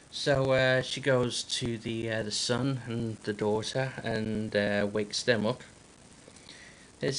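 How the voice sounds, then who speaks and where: Male streamer, rambling joke-teller, halting delivery, average pitch. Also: little pitch movement, fairly bright tone, slight background noise. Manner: halting, full of fillers and restarts. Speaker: livestream host. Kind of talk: casual joke-telling on a livestream.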